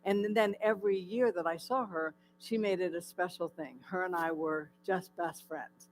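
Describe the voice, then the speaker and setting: A woman's voice: fairly low pitch, moderate pace, soft background music, poor audio. A woman from California giving a personal testimony to a church audience, telling her story with many fillers and asking the audience questions. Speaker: guest speaker. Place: church hall.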